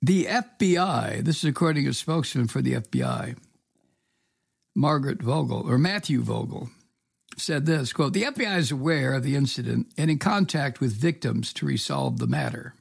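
A man with a gravelly, husky voice gives solo political commentary, reading the news and then tearing into it with profane sarcasm. He talks in a halting, indignant way, full of fillers and restarts. The sound is dry and close to the mic. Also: medium pitch, sing-song, dry recording. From from the US state of Georgia.

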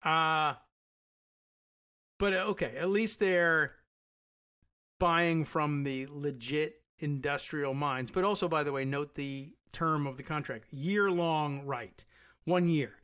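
A man's voice: a little high, slow, sharp tone, clear, resonant tone. A man reading a news article aloud and breaking off into casual, sardonic commentary full of asides and fillers.

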